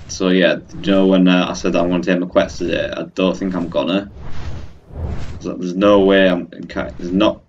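In a deep voice at a moderate pace, a young man rants at the game he's playing, exasperated as he talks to his viewers. He hosts a gaming channel, and this let's play commentary comes through dull audio with slight background noise.

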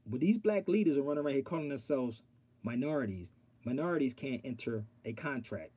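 A man hosting an online livestream, talking straight to his viewers in an animated, preachy way and reading aloud from a law dictionary. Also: mid-range voice, brisk, husky. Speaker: online show host. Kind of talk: casual livestream talk.

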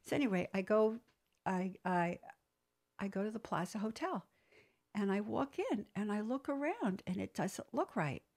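Gravelly woman telling business stories. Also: medium pitch, moderate pace. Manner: animated storyteller, acts out quoted dialogue. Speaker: entrepreneur guest; business trainer. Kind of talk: storytelling interview.

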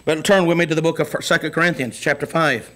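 A male pastor preaching a sermon to his congregation, asking them questions and swinging between booming emphasis and quiet low asides. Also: steady tone, fast. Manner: call-and-response preaching, asks the congregation questions.

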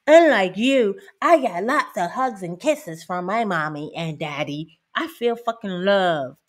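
Blunt, animated woman in her fifties. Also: mid-range voice. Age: 50s. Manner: blunt, profane, emphatic, laughs often. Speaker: host. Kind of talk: casual monologue.

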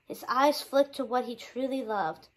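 A woman teacher reading a children's chapter book aloud with expressive narration. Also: sits high, a little slow, poor audio.

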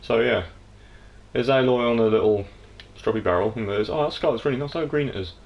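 A man's voice: medium pitch, fairly quick, gravelly, darkish tone, dull audio. A young English man giving casual, rambling gameplay commentary, jokey and sweary. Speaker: let's play streamer.

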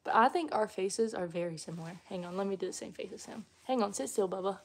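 A woman's voice: mid-range voice, fast, husky. A young woman, chatting casually to her phone on a live stream from her home. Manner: chatty, folksy, laughs easily. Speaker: mom vlogger. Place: family home, indoors.

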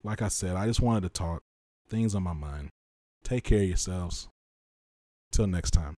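A man hosting a solo podcast, talking with passion and frustration, repeating his points for emphasis and swinging between loud stress and tired, quiet drops. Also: low-pitched, a little slow, no room sound, clean studio sound. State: exhausted and frustrated. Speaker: podcast host.

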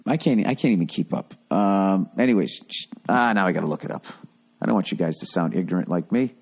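A comedy podcast host with a low-pitched, husky, expressive voice speaks fairly quickly. He reads listener letters aloud and offers blunt advice, adding profane, rambling, sarcastic asides.

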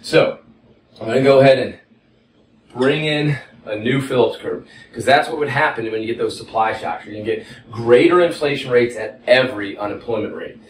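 A man's voice: medium pitch, normal speed, echoey room, distant mic, slight background noise, low-quality recording. A man with a Texas accent teaching economics at a whiteboard, folksy and conversational, often checking in with "okay?". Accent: Texan. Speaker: economics instructor. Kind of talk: whiteboard lecture.

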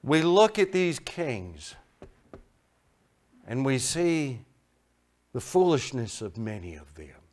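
A middle-aged man preaching a sermon, telling folksy stories and moving between quiet asides and loud emphasis. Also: medium pitch, very animated, slow, pauses often. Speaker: pastor. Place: church sanctuary.

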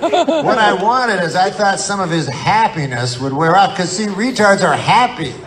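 A middle-aged stand-up performer with a high voice tells a rambling story full of curses at a live comedy venue. His pitch swings a lot, his pace is moderate, and audience laughter makes the background noisy.

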